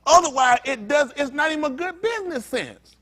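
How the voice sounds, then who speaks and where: A man's voice: very high voice, animated, a little fast, fairly bright tone. A man preaching a sermon as pastor, talking straight to his congregation in a joking, conversational way. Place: synagogue congregation.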